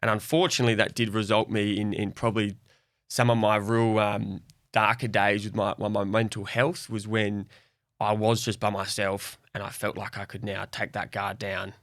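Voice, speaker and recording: A man's voice: fairly low pitch, little pitch movement, moderate pace, no room sound, studio quality. A young Australian man speaking openly and reflectively as a guest in a podcast conversation. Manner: open, reflective, soft-spoken.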